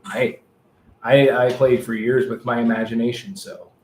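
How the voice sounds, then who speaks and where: A man co-hosting a casual podcast, an animated storyteller who acts out the people he quotes. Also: mid-range voice, normal speed, slight background noise. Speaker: podcast co-host. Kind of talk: casual chat. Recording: echoey room with faint ambience.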